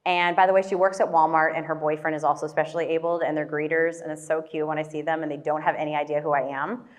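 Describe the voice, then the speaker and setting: A woman giving a motivational talk, speaking with a slightly low voice. She tells a personal story in a loose, casual way, full of filler words. She keeps turning to the audience with quick questions. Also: flat delivery.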